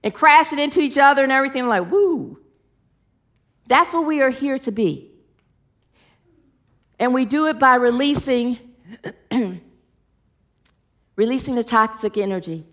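A woman's voice: high-pitched, expressive, measured pace, long pauses, a bit bright. A woman giving a spiritual teaching talk, repeating phrases for emphasis and leading her listeners in affirmations.

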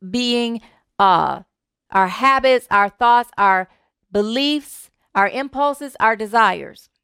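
A woman minister preaches to her congregation in a smooth, clear voice. She speaks in an animated way, repeats words for emphasis and laughs easily. The sound is dry and close to the mic. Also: on the high side, no echo. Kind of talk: sermon with a humorous story.

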